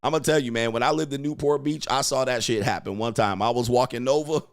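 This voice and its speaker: A man's voice: medium pitch, quick pace, smooth. A man coaching and commenting on clips in a crude, mocking way, laughing often. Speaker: dating coach.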